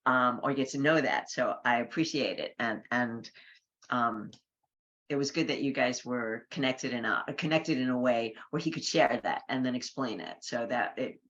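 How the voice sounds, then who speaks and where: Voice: mid-range voice, moderate pace, a bit bright, lo-fi sound. An interviewer asking questions, appreciative and hesitant, with many fillers.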